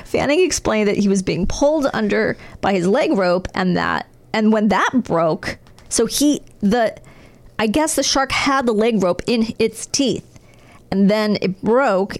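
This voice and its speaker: A woman's voice: mid-range voice, lively intonation, measured pace. A woman co-hosting a casual chat, reading news aloud with joking asides and frequent laughter. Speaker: podcast co-host.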